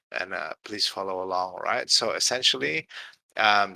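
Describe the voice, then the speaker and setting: Tired guy hosting a late-night community call, deep gravelly voice, lots of "um" and "right?". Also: bright, forceful tone, dry recording, rough recording. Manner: rambling, heavy fillers, tired late-night tone. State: tired, yawning. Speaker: community host. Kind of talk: casual livestream chat.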